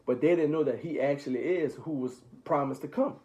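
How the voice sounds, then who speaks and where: A man's voice: fairly high pitch, a little fast, low-quality recording. Man casually explaining scripture. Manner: paraphrases scripture in relaxed slang. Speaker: older brother leading Bible study. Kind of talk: casual Bible reading and explaining.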